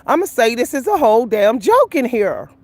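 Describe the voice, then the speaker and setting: A woman's voice: fairly high pitch, big pitch swings, normal speed, darkish tone, no echo. A woman talking casually and emphatically to her viewers on a walking vlog, laughing often as she gives advice. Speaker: vlogger giving life advice. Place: outdoors on a walk.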